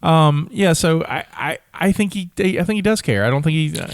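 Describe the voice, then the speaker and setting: Podcast co-host, man with a fairly high voice, dry close mic, lively and interrupting. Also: normal speed, no echo. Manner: animated, jumps in and talks over others. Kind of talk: casual chat.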